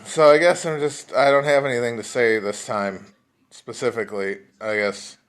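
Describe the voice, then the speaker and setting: A man's voice: mid-range voice, fairly even intonation, moderate pace, clear, resonant tone. Rambling, profane man breathing heavily. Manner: rambling, profane and self-deprecating. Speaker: podcast host. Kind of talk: casual solo livestream chat. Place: at home, alone. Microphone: phone livestream mic.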